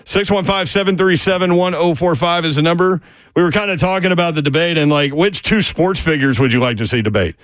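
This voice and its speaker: Man, sports radio host, casual chatty delivery, slightly high voice, dry studio mic. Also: fairly quick, fairly bright tone, no echo. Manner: chatty, reads listener messages.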